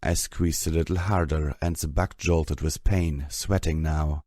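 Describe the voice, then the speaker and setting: A man reading a story aloud in steady, measured scripted narration. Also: rumbling low, dry recording, clean studio sound. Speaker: audiobook reader.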